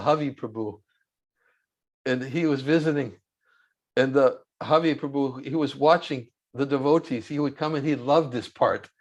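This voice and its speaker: A man being interviewed as a monk, telling a story unhurriedly with fillers and pauses. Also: medium pitch, lo-fi sound. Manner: unhurried, halting with fillers, chuckles while recalling.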